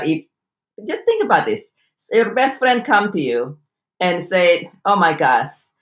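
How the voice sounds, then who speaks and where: Guest woman, low voice, reflective, rhetorical questions, roomy echo on a video call. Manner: reflective, asks rhetorical questions, repeats words. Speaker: guest speaker, doctor. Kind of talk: panel discussion on a video call. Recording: echoey room sound.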